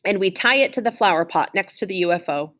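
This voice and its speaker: Lady doing a chill deadpan little chick, storybook read-aloud. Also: medium pitch, fast, close to an everyday voice. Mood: calm. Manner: calm, dry, level. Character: calm, steady young female chick.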